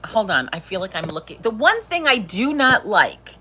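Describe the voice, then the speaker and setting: A woman's voice: mid-range voice, big pitch swings, moderate pace, pushed and bright, slight background noise. A middle-aged woman hosting a live stream, chatting casually, swearing freely and laughing often. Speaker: livestream host.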